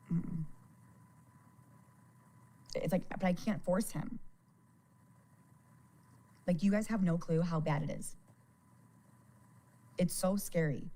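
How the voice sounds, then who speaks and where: A woman's voice: fairly low pitch, slow pace, pauses often, warm tone. A woman on a livestream, chatting casually. She sounds worried and frustrated, often stammers and repeats words, and swears freely. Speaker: live streamer.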